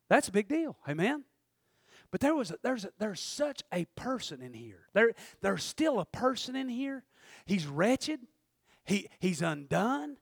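High-voiced preacher man, dry sound. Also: dry recording. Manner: conversational, laughing, acts out quoted voices. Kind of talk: sermon.

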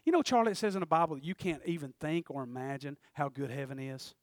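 A middle-aged man preaching a sermon. He calls out for amens and builds up to shouting. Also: quick pace, no echo, clean studio sound. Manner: shouts and climbs in pitch at peaks, calls for amens.

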